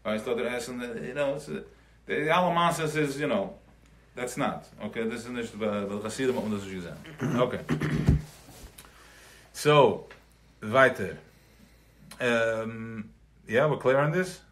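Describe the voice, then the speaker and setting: A man's voice: medium pitch, normal speed, pauses often, fairly bright tone, a little hiss or hum. Guy giving a live class, chatty and loose, throws in yiddish words, acts out little everyday scenes. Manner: loose and conversational, mixing in Yiddish terms; checks in with listeners, acts out everyday examples. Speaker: Torah class teacher. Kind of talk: live recorded Chassidic class.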